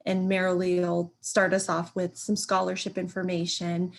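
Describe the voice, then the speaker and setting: A woman's voice: fairly low pitch, completely flat delivery, normal speed, vocal fry, slight background noise. A woman moderating a video call presentation, introducing the next speaker informally.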